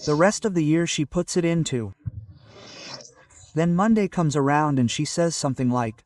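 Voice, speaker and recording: A man from Northeast Brazil, telling animated stand-up stories about his childhood and constantly checking in with the crowd. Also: fairly high pitch, moderate pace, long pauses, recorded from a distance. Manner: animated storytelling with frequent tag questions. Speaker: stand-up comedian. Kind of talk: stand-up comedy set. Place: stage in front of a live audience.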